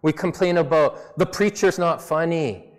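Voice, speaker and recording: A man's voice: on the high side, moderate pace. A man preaching a sermon in a conversational, self-deprecating way, with a slight non-native English accent. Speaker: pastor. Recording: long reverb of a church hall.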